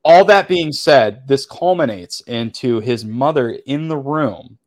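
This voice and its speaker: A man's voice: mid-range voice, expressive, a little slow, a little mellow. A man co-hosting a movie review podcast, rambling casually as he retells the plot. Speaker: podcast co-host.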